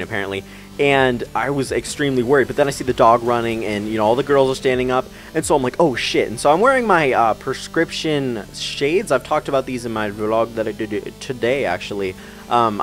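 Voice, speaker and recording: A teenage man from America telling funny driving stories over gameplay, swearing freely and jumping into squeaky voices for the people he quotes. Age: teens. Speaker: gaming channel host. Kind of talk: storytelling commentary over gameplay.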